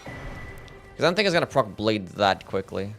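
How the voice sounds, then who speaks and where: With faint music behind him, a young Australian man with a lowish voice speaks at normal speed while casually streaming a game. He mumbles in a relaxed way, fields questions from chat, and tends to trail off unsure, saying "I don't know."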